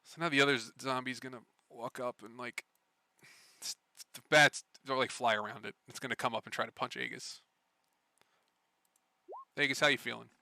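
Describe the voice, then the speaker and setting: A man's voice: mid-range voice, fairly even intonation, fairly quick, vocal fry, pauses often, bright, forceful tone, no room sound. A man running a tabletop game as game master, casual and profane, laughing often. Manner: laughing, swearing, loose and joking.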